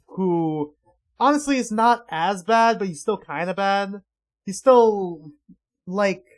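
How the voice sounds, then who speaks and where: A man casually reacting to a webcomic on a livestream, excitable and crude, swearing freely. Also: high voice.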